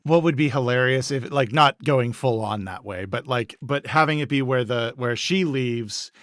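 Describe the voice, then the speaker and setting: A man in casual creative brainstorming chat, thinking aloud and acting out quick character lines. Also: medium pitch, fairly bright tone, dry recording, studio quality. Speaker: co-host.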